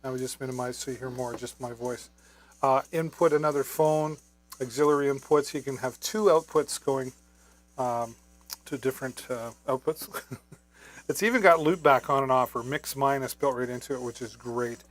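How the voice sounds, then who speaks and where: A man's voice: medium pitch, normal speed. A man hosting a live shopping stream on a wireless microphone, talking casually with many fillers. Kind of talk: live product demo.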